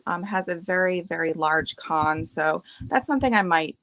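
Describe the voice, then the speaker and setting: A woman's voice: fairly low pitch, moderate pace, fairly bright tone, dry recording. A woman from Massachusetts, a writer and artist, chatting casually on a panel and laughing often. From Massachusetts, USA. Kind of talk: casual chat.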